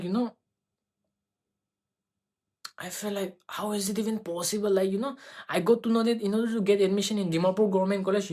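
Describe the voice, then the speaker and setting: A young woman tells her own story for a vlog. She rambles, restarting sentences and filling pauses with small phrases as she goes. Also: medium pitch, a little mellow. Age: young adult. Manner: rambling, full of fillers and restarts.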